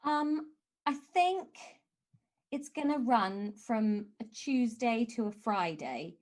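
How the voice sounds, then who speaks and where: Woman comedian, podcast guest, dry mock-grumpy ranting, bouncy high-ish voice. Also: expressive, takes it slowly, darkish tone. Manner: laughs between lines. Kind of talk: casual podcast chat.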